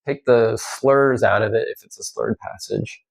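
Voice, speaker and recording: A man explains violin practice in a loose, unscripted way, often pausing and restarting his thoughts. His voice sits in a middle range with a gravelly, creaky edge. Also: medium pitch, steady tone. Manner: halting, many fillers and restarts. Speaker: violin teacher. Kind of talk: casual instructional talk.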